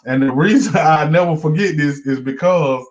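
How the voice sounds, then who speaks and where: A man telling a profane, lively story in a casual interview, often repeating words as he restarts. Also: a little high, normal speed. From Monroe, Georgia, US. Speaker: comedian guest. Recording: dull lo-fi recording.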